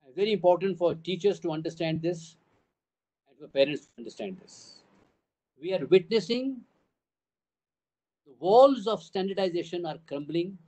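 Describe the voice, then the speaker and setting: Older Indian English man, high voice, speaking emphatically to parents at a town hall, stacking points in repeated phrases. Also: moderate pace, long pauses, mellow. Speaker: school trust CEO addressing parents.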